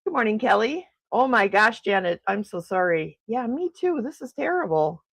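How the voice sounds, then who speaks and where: A woman chats through a casual morning livestream from her home, greeting viewers and reacting to their comments with frequent exclamations. Her pitch swings widely and animatedly as she talks. She speaks into a desk microphone, and the sound is dry and close. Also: very animated, moderate pace, a bit bright, dry recording. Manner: chatty, exclaims often. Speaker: livestream host. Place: home in snowy Milwaukee.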